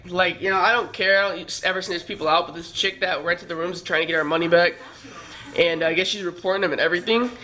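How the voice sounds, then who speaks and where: This time his voice sounds high and sharp as the young man keeps vlogging in downtown L.A. on his California trip. The casual story he tells wanders, swears freely, and is full of fillers.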